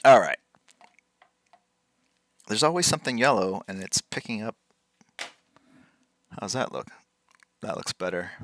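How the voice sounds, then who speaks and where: A man's voice: fairly low pitch, expressive, unhurried, pauses often, fairly bright tone. A man hosting a live drawing stream, chatting casually and playfully with his chat while he works, teasing them and repeating words to practice saying them.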